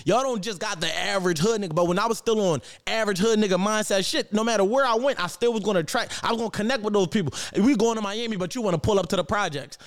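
A man in his thirties with a Philadelphia accent, talking as a podcast guest in fast, emphatic, profane casual chat. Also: high-pitched.

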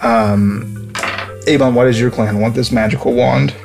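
A man's voice: medium pitch, steady tone, unhurried, gravelly, a little mellow, faint music behind. A man running a casual tabletop role-play game, rambling and laughing as he describes characters. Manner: rambling, many fillers, laughing. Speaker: game runner reading the rules.

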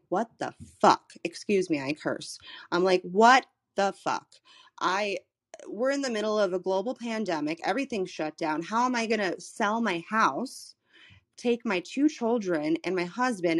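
A woman in her thirties from Florida, a human design coach, telling a personal story in a casual, animated way, swearing freely and often restarting her words. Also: mid-range voice, normal speed. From Florida, USA. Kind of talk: casual storytelling in a live audio room. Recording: live social audio room recording.

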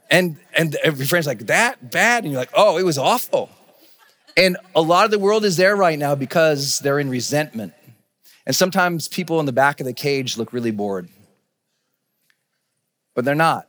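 A middle-aged man giving a live motivational talk on stage, energetic, with shouted bursts and laughing asides. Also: high voice. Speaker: motivational speaker. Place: large event stage before a crowd.

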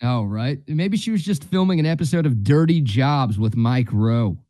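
Dry teasing co-host, dark dry sound. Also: male voice, mid-range voice, expressive, moderate pace, no echo. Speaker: radio sports show co-host. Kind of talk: casual banter.

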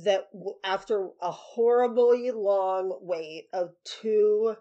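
A young woman co-hosting a casual podcast, jokey and quick to break into laughter. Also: medium pitch, dark tone, dull audio. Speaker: podcast co-host. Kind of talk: casual chat.

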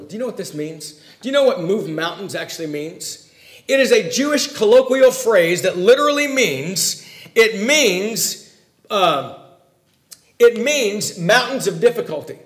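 A man preaching a sermon in a folksy way, swinging between loud emphasis and hushed asides. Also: high-pitched, sing-song, measured pace, roomy sound.

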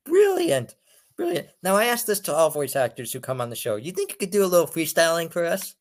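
A man's voice: on the high side, sing-song, brisk. A man hosting a podcast, asking questions in an enthusiastic, friendly way. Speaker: podcast host. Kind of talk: casual interview chat.

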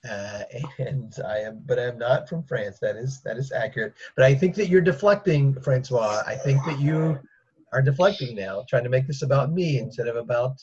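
A man's voice: mid-range voice, normal speed, darkish tone, close to an everyday voice. A man playing a flustered group therapist, patient and given to chuckling. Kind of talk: improvised comedy role-play. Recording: dull lo-fi mic with clear hiss.

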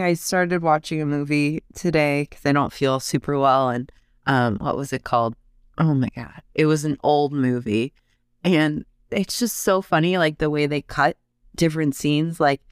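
A woman co-hosting a casual podcast, chatting in an unhurried way and laughing often. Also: sits low, smooth, no room sound, clean studio sound. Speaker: podcast co-host. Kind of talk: casual chat. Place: basement podcast room.

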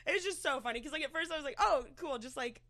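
Young American woman, podcast co-host, high bright voice, giggly and animated, loaded with fillers. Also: rapid-fire. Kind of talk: casual chat.

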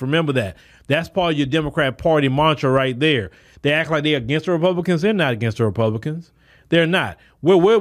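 A man hosts a solo podcast commentary, speaking bluntly and emphatically. His voice sits a bit higher than most men's. He often repeats and restarts words as he drives his points home. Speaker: podcast host. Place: Texas.

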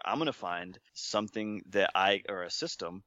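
Low-voiced man telling his story casually. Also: brisk, no echo, highs cut off. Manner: relaxed, chuckles often, self-deprecating. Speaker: interview guest.

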